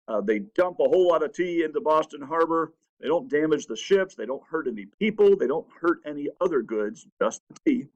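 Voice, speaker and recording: A man teaching a history lesson, telling the story with animated, raised-voice quotes. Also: medium pitch. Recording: dull lo-fi sound.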